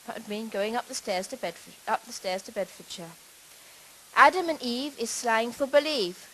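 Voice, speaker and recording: Woman, middle-aged, lecturing on stage, measured explanatory delivery, slightly high voice. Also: a bit bright, low-quality recording. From Britain. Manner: measured, explanatory, with occasional restarts. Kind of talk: conference talk on language.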